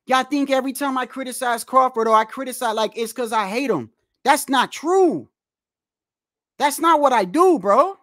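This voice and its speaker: A man's voice: extremely high pitch, moderate pace, no room sound, studio quality. Heated, cursing man ranting on a livestream. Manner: animated, repetitive, trash-talking with frequent profanity. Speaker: boxing livestream host.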